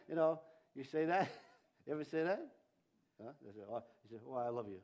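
A middle-aged male pastor giving a conversational Easter sermon, animated with jokey asides and audience questions. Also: on the high side, brisk.

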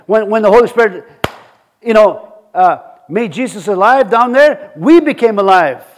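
A middle-aged man preaching a sermon in a conversational way, often repeating words and building to emphatic points. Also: sits high.

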